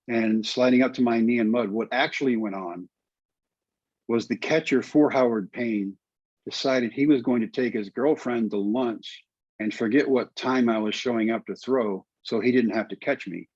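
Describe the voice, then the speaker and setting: A middle-aged man telling his story as an interview guest, lively and quoting others in voices. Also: on the low side, breathy edge, no echo, lo-fi sound. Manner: animated storyteller, quotes people in voices. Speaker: guest, former pitcher.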